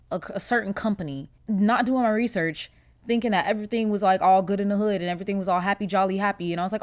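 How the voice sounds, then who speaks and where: A young woman hosting a podcast, talking in a casual, animated, profane monologue full of filler words. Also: medium pitch. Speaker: podcast host.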